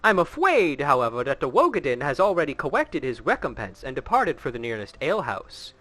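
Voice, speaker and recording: A man voicing a fussy male guild official with a lisping, high cartoonish voice while reading game dialogue aloud. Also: wildly swooping pitch, brisk, pushed and bright, no room sound, full character voice.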